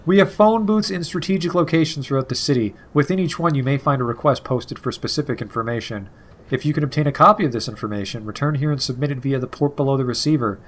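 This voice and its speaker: A man voicing an anonymous caller who speaks in a flat, pitch-adjusted monotone, reading game dialogue. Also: fast talker, close to an everyday voice. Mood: flat formal.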